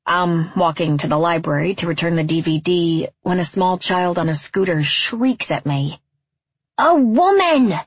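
Husky woman narrating with wry deadpan. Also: deep voice, moderate pace, few pauses, dry recording, muffled recording. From California. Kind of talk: first-person audiobook narration.

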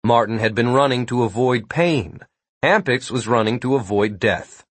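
A man's voice: mid-range voice, normal speed, no echo. A man narrating an audiobook in a wry storytelling manner, read on a close, dry mic.

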